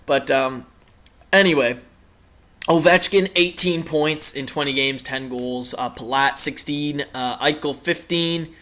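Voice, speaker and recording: A man's voice: fairly high pitch, moderate pace, fairly bright tone. A young man casually commenting on a hockey video game as its host, rambling with many fillers and the odd swear. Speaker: gaming channel host.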